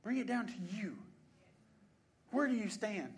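A man's voice: sits high, big pitch swings, unhurried. A male preacher giving a sermon in a church, repeating phrases and asking rhetorical questions. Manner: repetitive, soft then building, rhetorical questions.

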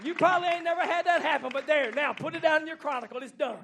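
A man preaching a fiery sermon in a church, folksy and plainspoken, swinging from hushed lines to shouting. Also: very high voice, quick pace, creaky, crowd noise, noisy background. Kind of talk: fiery Pentecostal-style sermon.

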